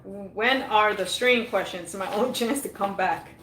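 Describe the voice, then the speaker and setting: Bright-voiced woman reading scores. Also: medium pitch, a little slow, echoey room, slight background noise, poor audio. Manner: laughs easily, reads out names. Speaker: co-host keeping score. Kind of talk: casual live-stream co-hosting.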